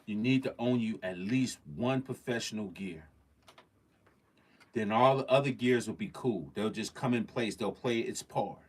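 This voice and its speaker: A man's voice: on the low side, a little slow. A man hosting a casual livestream. He talks in slang, stresses his points, repeats phrases and speaks straight to his viewers. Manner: slangy, emphatic, repeats phrases, addresses the chat directly. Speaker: livestream host.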